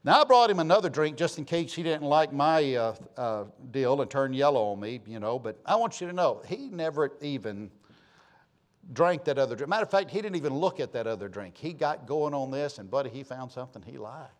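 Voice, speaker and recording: A man with a Southern US accent preaching a sermon, telling folksy stories and swinging between loud calls and low asides. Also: animated, fairly quick. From Georgia, US. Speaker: pastor.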